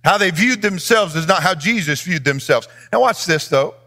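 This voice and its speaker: A man preaching in a church with a high, bright voice that swoops widely in pitch. He lifts his phrases into a sing-song cadence and addresses the congregation directly. It is an animated, expressive pulpit delivery. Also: normal speed. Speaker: pastor. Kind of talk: sermon.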